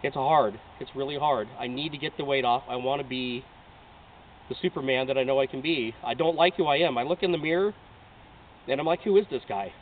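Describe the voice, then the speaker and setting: A man's voice: mid-range voice, fairly even intonation, fairly quick, recorded from a distance. A man in his late thirties from Oregon, pleading earnestly and emotionally in a heartfelt audition video. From Oregon, United States. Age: 30s. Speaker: reality show applicant. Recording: tinny lo-fi audio from off-mic, faint hiss.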